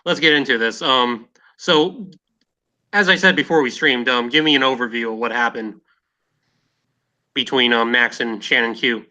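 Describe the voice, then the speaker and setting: A man's voice: mid-range voice, moderate pace, long pauses, sharp tone, muffled recording. A man hosting a casual podcast discussion, talking hesitantly with many fillers and restarts. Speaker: podcast host.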